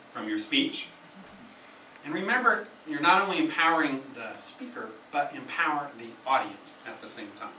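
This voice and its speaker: Man at the lectern, emphatic teacher type, bright voice, taped from the back of an echoey room. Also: mid-range voice, a little hiss or hum. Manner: emphatic, instructive, repeats key phrases. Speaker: speaker at a speaking club meeting. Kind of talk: prepared educational speech. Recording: echoey room, camera from far off.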